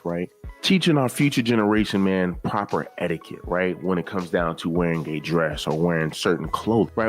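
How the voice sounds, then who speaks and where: A man hosting his channel, talking to viewers in casual reaction commentary and tagging nearly every phrase with "right" and "man.". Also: low voice. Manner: repeats "right" and "man" constantly, conversational.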